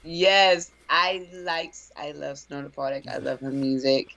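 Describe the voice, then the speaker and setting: A woman from Texas, a DJ, answering interview questions casually and telling stories in a relaxed way. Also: deep voice, unhurried, creaky, dry recording, dull audio. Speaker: DJ and interview guest.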